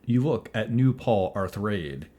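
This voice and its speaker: Low-voiced guy running a tabletop game, calm and descriptive. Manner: measured, descriptive. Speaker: game master.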